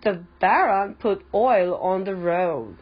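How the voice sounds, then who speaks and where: A gloating, sneering storybook villain who cheats to win, as a woman reader puts him on. The voice is slow and breathy, and it sounds dull and lo-fi. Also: mid-range voice, expressive. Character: scheming male villain, a cheating racer. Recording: dull lo-fi recording.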